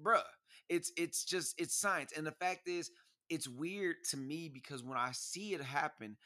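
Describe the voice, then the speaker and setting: A young man co-hosting a casual chat, slangy and animated, acting out quotes as he tells stories. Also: mid-range voice. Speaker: podcast co-host.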